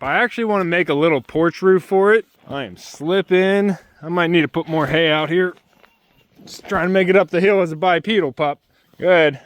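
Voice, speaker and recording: Man, high voice, dry close sound, casual vlog narration, sing-song coaxing of animals outdoors. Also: a bit bright, smooth, no room sound. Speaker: homesteader vlogger. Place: outdoors on a snowy farm.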